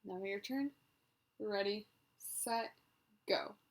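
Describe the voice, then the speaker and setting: A woman who works as a speech therapist, leading a voice exercise session and giving slow, clear, deliberate instructions between loud sustained vowels. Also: mid-range voice.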